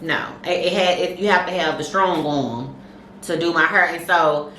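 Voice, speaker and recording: A woman's voice: deep voice, moderate pace, bright, forceful tone, reverberant, a little hiss or hum, low-quality recording. A woman co-hosting a podcast, telling stories casually, laughing and acting out voices. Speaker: podcast co-host. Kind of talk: casual chat, storytelling.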